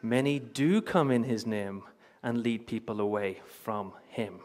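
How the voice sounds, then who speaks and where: A man's voice: on the low side, unhurried, a little mellow. A young man preaching a sermon in a church, telling personal stories with earnest, emphatic repetition and light chuckles. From Northern Ireland.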